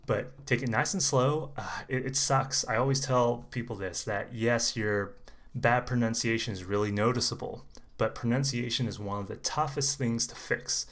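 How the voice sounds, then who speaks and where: A man working as an English conversation coach, giving a relaxed, chatty, unedited pronunciation lesson to camera and repeating sounds slowly for learners. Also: mid-range voice. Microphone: camera mic, unedited single take.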